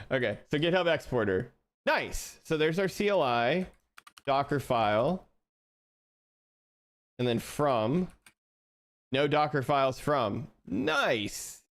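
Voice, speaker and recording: Young man, live-stream coding chat, smooth clear voice, laughs often, thinks out loud. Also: mid-range voice, slow pace, long pauses. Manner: excited, laughs often, thinks aloud with restarts.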